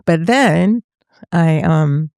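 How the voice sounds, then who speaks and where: An older woman in her seventies, a voice teacher from Northern California, recalls her path in a casual, reflective way and laughs easily. Her voice has a gravelly, fry-tinged edge. It sits close and dry, with no room sound around it. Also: low-pitched, expressive, drawn-out words, darkish tone, no room sound. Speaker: guest, voice teacher. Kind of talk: casual conversational storytelling.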